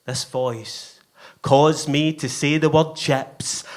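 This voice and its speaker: A man's voice: a little high, steady tone, slow pace. A man from Scotland with a Scottish accent, performing his own poem live at a venue in a rhythmic, emphatic way. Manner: rhythmic, emphatic delivery with playful voice shifts. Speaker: performance poet. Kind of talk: live spoken word poetry.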